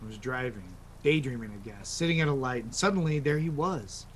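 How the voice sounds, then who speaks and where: An actor in an audio drama playing a dying father who speaks in a halting, regretful, soft manner. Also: mid-range voice, expressive, slight background noise, natural voice. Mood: reminiscing. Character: dying father, remorseful and quietly self-mocking.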